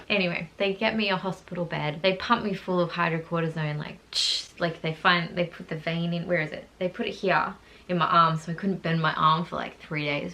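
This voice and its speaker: A woman's voice: fairly low pitch, vocal fry, fairly bright tone. A woman, candidly recounting her hospital stay in a rambling, casual way. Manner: candid, rambling, lots of "like" asides. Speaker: vlogger telling her birth story. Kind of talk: casual personal storytelling.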